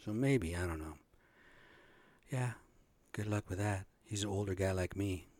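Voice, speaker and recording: A man's voice: sits low, unhurried, a little mellow, no room sound. A man in his late fifties, a podcast host, rambling through a blunt, profane casual monologue. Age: 50s.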